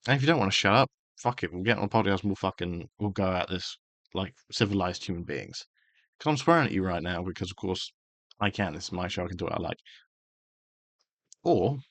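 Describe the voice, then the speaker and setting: A fired-up man rants straight into a close mic, swearing often and pressing every point hard. His voice sits fairly low, and the sound is dry with no room echo. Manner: heated, sweary, emphatic. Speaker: karate channel host. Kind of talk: angry opinion rant.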